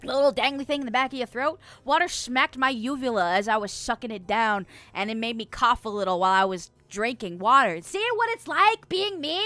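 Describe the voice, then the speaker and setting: A woman's voice: a little high, brisk, hardly any pauses, bright, forceful tone, dry recording. A woman streamer in casual chat, reading chat messages aloud with lots of laughter and self-mocking jokes.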